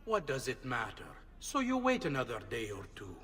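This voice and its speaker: A man's voice: mid-range voice, huge pitch swings, moderate pace, bright, forceful tone, big-room sound, a little hiss or hum. A middle-aged man voicing a genial, reassuring noble official in a video game. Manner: breezy, reassuring.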